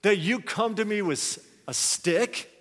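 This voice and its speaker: Mocking giant warrior , put on by a preacher, loud and scornful, higher than the man's own voice, with long hall reverb. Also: slow pace, exaggerated voice. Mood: scornful roar. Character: scornful giant male warrior taunting a youth.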